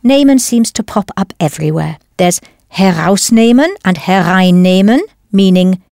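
A woman's voice: mid-range voice, normal speed, vocal fry, a little mellow, no echo, studio quality. A woman teaching a scripted language lesson, enunciating carefully and prompting the listener with questions.

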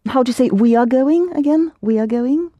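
A woman teaching a lesson, patiently prompting students and correcting them, slowing down to model phrases. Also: high-pitched, no room sound, highs cut off. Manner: patient, prompting and correcting, slows for Russian words. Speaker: Russian language teacher.

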